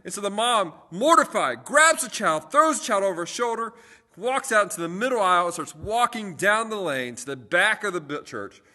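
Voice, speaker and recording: A young man, a youth pastor, talks on a casual livestream. His voice is notably bright and forceful, sitting slightly higher than most men's. He tells stories loosely, full of fillers and false starts. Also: expressive, normal speed. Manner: chatty storytelling with frequent fillers and restarts.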